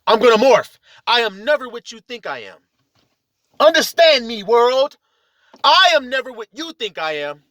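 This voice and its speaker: A man delivering a heated, profane spiritual rant, preachy and confrontational, with sudden loud outbursts. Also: very high-pitched, sing-song, normal speed, no echo, studio quality. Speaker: religious video commentator.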